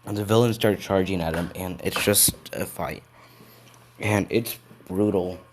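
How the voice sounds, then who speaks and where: A man's voice: sits low, measured pace, heavy background noise. A man improvising a fan story, rambling and correcting himself as he goes.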